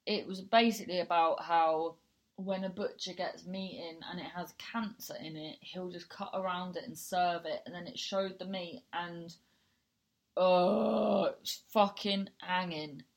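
A woman's voice: lowish voice, steady tone, moderate pace. A woman talks straight to her listeners in a loose, rambling podcast monologue. She is blunt and frank and swears freely. She keeps starting her sentences over as she goes. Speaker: podcast host.

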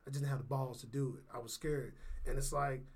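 A man in his thirties from St. Louis, a guest comedian chatting casually on a podcast, laid-back and quick to laugh. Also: medium pitch, steady tone, husky. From St. Louis, USA.

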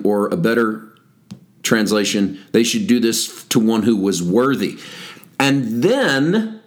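Man teaching a Bible passage. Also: medium pitch. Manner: reads scripture aloud then explains it, emphatic on key words. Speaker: pastor. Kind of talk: teaching a Bible lesson podcast.

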